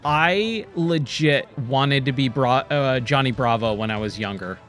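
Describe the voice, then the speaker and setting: A man in his forties streaming a game, rambling casually and nostalgically, full of "dude" and quick excited asides. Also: medium pitch, faint music behind. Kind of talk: casual gameplay commentary. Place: home, playing a VR game.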